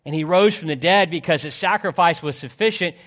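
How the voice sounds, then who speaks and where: Impassioned male preacher. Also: fairly quick. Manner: impassioned preaching, swinging from loud pleading to hushed low tones. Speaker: pastor. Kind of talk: sermon.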